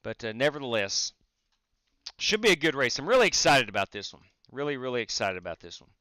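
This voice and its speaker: A man's voice: medium pitch, sing-song, brisk, bright, forceful tone, no echo. A man streaming a sim race, chatting casually and greeting viewers while he drives. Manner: frequent fillers and restarts. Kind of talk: casual live-stream commentary.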